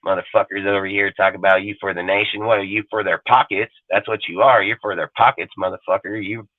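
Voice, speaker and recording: A man's voice: on the low side, fairly even intonation, a little fast, no room sound. A man hosting a fan channel livestream, ranting aggressively with heavy swearing and swagger. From California. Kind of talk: profane livestream rant. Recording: tinny phone-like sound.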